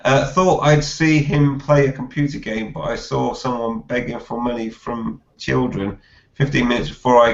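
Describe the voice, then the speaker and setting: A man hosting a casual live chat, reading viewer comments aloud haltingly and laughing often. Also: mid-range voice. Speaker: host reading viewer questions. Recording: roomy, dull lo-fi live stream audio.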